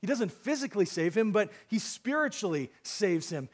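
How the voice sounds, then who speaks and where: A man preaching a sermon and reading scripture, emphatic, with casual fillers and restarts, his voice swinging from loud exclamations to hushed lines. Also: sits high, very animated, normal speed, few pauses, husky.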